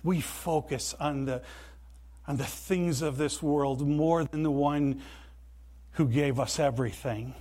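A man preaching a sermon in a church, earnest and emphatic, with deliberate pauses. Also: fairly high pitch, mellow. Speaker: pastor.

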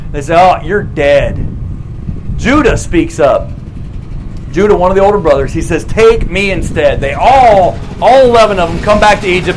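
High-voiced man preaching in casual storytelling. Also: slight background noise, rough recording. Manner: animated, casual retelling with quick acted quotes. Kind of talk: storytelling sermon.

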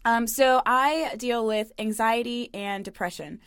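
A woman's voice: a little high, a little slow, clear, resonant tone, no room sound, studio quality. A young woman co-hosting a podcast, openly telling a personal story in casual chat, full of "like" and quoted self-talk. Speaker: podcast co-host.

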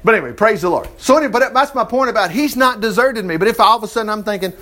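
A middle-aged man, teaching the Bible in a folksy, animated way with chuckling asides. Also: high-pitched, very fast. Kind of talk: informal Bible study commentary.

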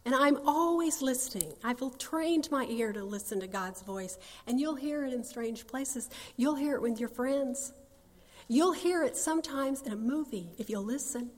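Woman, sixties, personal testimony, folksy earnest storytelling, long hall echo. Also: on the high side. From North Carolina, USA. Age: 60s. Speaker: speaker sharing her testimony.

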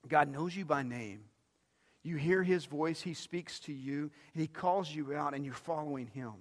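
A middle-aged pastor delivering a sermon, swinging between quiet, intimate phrases and loud, emphatic ones, often repeating words as he builds a point. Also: fairly high pitch, normal speed. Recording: long reverb of a large hall.

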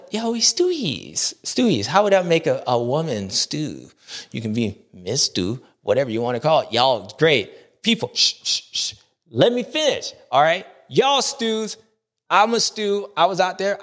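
This is a man hosting a recap, his voice a little on the high side. He rambles through his points in loose, playful slang. His pitch jumps around all the time. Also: fairly bright tone. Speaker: show host. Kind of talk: casual rambling recap monologue.

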